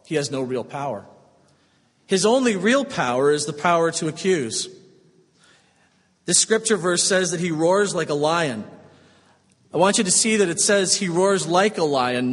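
A man preaching a sermon, swinging between strong emphasis and hushed, slow, tender passages. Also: on the high side, lively intonation, long reverb tail. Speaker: pastor.

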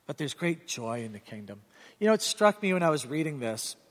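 High-voiced pastor preaching in a hall. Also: male voice, brisk. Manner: animated storytelling, earnest and direct. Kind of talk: sermon. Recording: reverberant hall sound.

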